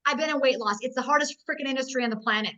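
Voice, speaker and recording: A network marketing trainer in her forties delivers blunt, emphatic tough-love business training over a video call. She talks very fast in a high, sharp voice, and the call audio is dull and muffled.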